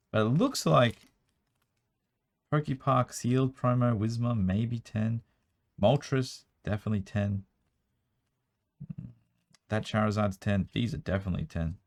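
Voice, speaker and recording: A young man with a strained, worn-out voice, chatting quickly as he sorts through a card collection at home, with bursts of excitement. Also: fairly low pitch. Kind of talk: casual running commentary while sorting cards. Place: room at home.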